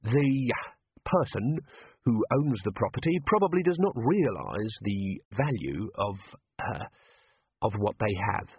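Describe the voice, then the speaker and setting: A man's voice: lowish voice, very animated, measured pace, husky, dry recording, phone-quality sound, heavily acted. A man reading an audiobook, voicing a polite, cheerful young assassin who talks in a formal, faintly menacing way.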